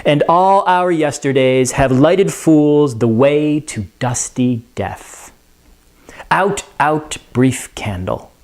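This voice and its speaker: A man reading aloud as a weary, despairing king, slowly and in a measured way. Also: on the high side, darkish tone. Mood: bleak.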